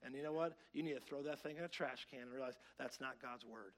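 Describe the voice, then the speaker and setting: A man pastor preaching a sermon, swinging between loud, excited preaching and quiet asides to his church, wearing a clip-on mic. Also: mid-range voice, fast talker. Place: church sanctuary. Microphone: clip-on mic that keeps slipping.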